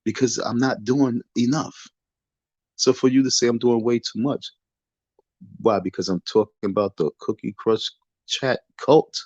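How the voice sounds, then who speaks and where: This livestream host is a man with a medium-pitched, darkish voice and fairly even intonation, talking a little slowly into a phone in his dark bedroom. His casual rant is preachy, defiant and repetitive, like a sermon. The recording is dry and lo-fi.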